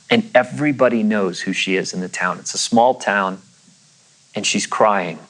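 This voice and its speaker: A man's voice: lowish voice, rough recording. A man preaching a sermon in a casual storytelling way, acting out the voices of the people in his story. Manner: conversational, acts out quoted voices. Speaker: pastor.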